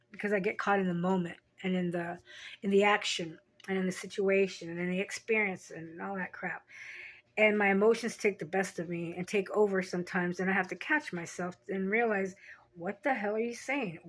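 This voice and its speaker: A woman's voice: mid-range voice, a bit bright. Frank, rambling middle-aged woman vlogger. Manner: rambling, frank, swears freely, laughs at herself. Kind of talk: candid personal storytelling.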